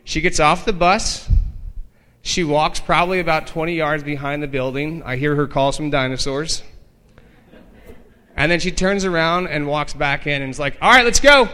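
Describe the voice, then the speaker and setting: A man with a fairly high voice opens the evening as emcee, telling an animated story about the next speaker. He acts out the voices of the people he quotes. The sound carries a long hall reverb. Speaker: event emcee introducing the speaker.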